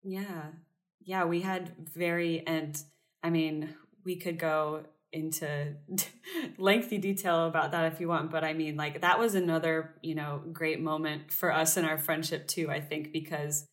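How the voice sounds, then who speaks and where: A woman's voice: low voice, fairly even intonation, unhurried. A young woman from the United States, a guest chatting with many fillers and restarts. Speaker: interview guest. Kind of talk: casual conversational interview.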